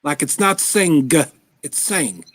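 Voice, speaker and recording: A man's voice: sits high, animated, moderate pace. A man in casual chat, laid-back and joking, ribbing the others.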